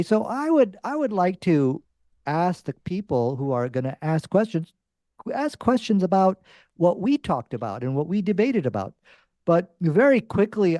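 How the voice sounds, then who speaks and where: A man's voice: fairly high pitch, dark tone, dry recording, studio quality. Insistent man arguing in a debate. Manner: insistent, assertive. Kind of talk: debate argument.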